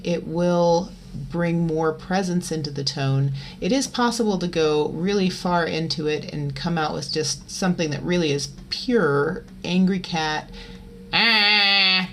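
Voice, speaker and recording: A woman giving a vocal lesson, explaining in a relaxed, chatty way and breaking into loud twangy sung demonstrations. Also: low voice, a little hiss or hum. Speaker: voice teacher.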